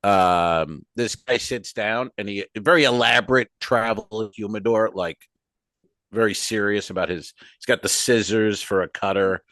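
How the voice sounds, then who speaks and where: A man's voice: on the low side, a little slow, no echo, clean studio sound. A man, a comedian, telling a comic anecdote on a podcast over a video call, acting out the people he quotes. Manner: animated anecdote with acted-out quotes.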